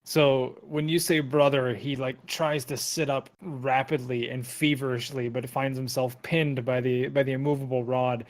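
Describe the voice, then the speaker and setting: A man's voice: mid-range voice, level tone, moderate pace, few pauses. Casual male game master. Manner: casual, with many fillers and restarts. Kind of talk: narrating a tabletop game.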